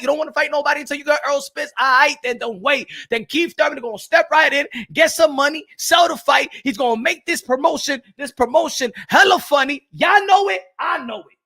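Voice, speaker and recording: A man ranting in a loud, profane, mocking commentary on boxing, now and then switching into Spanish phrases. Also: extremely high pitch, vocal fry.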